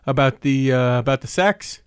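A man's voice: medium pitch, moderate pace, smooth, no room sound. A man hosting a podcast in a home studio, chatting and teasing his co-host while a sore tongue affects his speech. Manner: teasing, rambling. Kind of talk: casual podcast chat.

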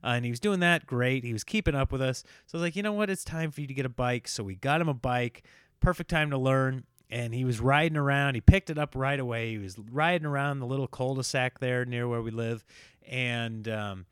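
A man in his thirties telling a family story in a casual, animated way, with jumps up in pitch when he quotes his kids. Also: a little fast, smooth, dry recording, studio quality. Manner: animated, voices his kids in high squeals.

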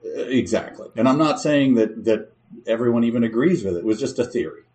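A man's voice: mid-range voice, fairly quick, a little mellow. A man co-hosting a podcast, insisting on his point in casual banter and talking over his partner. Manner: defensive, insistent, talks over the other host. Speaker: podcast co-host. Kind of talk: casual chat.

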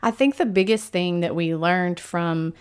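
A woman's voice: lowish voice, measured pace, clear, resonant tone. A woman co-hosting a podcast in casual chat, giving her opinions and reasoning aloud. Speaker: podcast co-host.

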